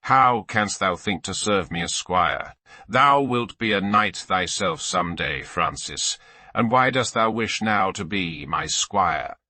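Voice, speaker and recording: A man's voice: sits low, expressive, slow, sharp tone, no echo, full character voice. A man voicing a fervent young male squire who speaks in old-fashioned, emotional phrases. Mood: earnest. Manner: archaic speech, fervent and emotional. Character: eager, earnest young male squire, boyish.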